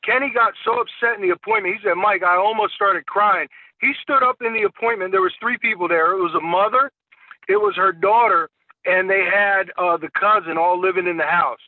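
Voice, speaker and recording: A man with a high voice gives a sales training talk over a tinny, phone-like call line with dry, close sound. He tells stories and acts out dialogue with clients, repeating words as he restarts. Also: fairly quick, no echo. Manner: storytelling, acting out client dialogue. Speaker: insurance sales agent.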